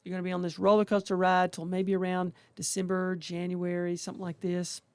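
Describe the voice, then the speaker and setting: A residency faculty member welcomes new interns in a folksy, chatty talk full of colloquial exclamations, sometimes acting out what the residents are thinking. The mid-range voice is monotone and fairly quick, with a darkish, clear, resonant tone, in a dry recording.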